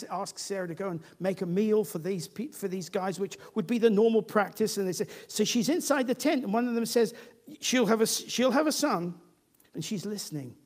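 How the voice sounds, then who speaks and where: High voiced guy preacher, chatty sermon storytelling. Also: darkish tone. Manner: conversational storytelling.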